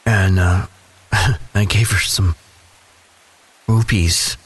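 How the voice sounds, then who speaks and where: A man giving a slow, thoughtful Bible devotional, telling personal stories. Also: sits low, fairly even intonation, slightly rough, soft background music. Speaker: devotional speaker.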